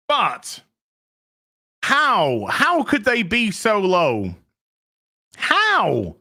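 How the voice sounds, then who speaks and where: A man hosting a live stream, talking excitably to his chat, swearing freely as he reacts to the news. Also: high-pitched, drawn-out words, pauses often. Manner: excitable, swears, chats to viewers. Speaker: streamer host.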